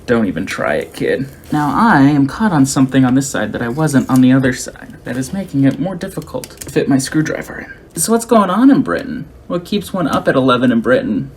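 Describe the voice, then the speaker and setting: A man's voice: mid-range voice, lively intonation, a little fast, few pauses, a little hiss or hum. Chatty man thinking aloud. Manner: thinks aloud, chatty, answers viewers' chat. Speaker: streamer. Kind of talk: casual live-stream chat while working.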